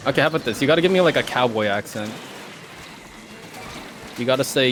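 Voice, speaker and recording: A man's voice: medium pitch, a little fast, pauses often, background noise. A man chatting playfully while playing a video game on stream, teasing his co-player and laughing often. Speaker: guest co-player. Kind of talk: casual gaming banter on stream.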